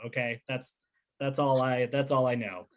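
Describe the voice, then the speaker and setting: A man's voice: mid-range voice, steady tone, moderate pace. A man in his thirties from Chicago doing a rambling, self-deprecating stand-up comedy set. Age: 30s.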